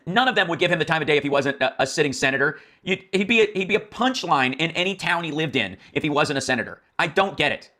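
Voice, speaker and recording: A man with a fairly high, bright and forceful voice rants through political commentary. He mocks and swears freely and sounds exasperated. He rambles, restarts and trails off into asides as he talks. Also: lively intonation, fast, few pauses. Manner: profane, mocking, exasperated.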